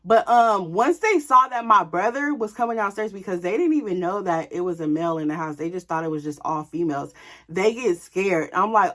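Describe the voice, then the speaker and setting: A young woman vlogger telling a story in a casual, animated way, candid and profane, speaking straight to her viewers. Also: mid-range voice, fairly quick.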